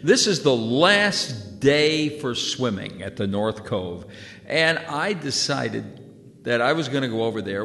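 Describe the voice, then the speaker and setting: Man, 60s, from New Jersey, folksy storyteller, lively intonation, long hall reverb. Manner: folksy, conversational, lively pitch. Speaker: storyteller recalling childhood. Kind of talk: casual spoken memoir.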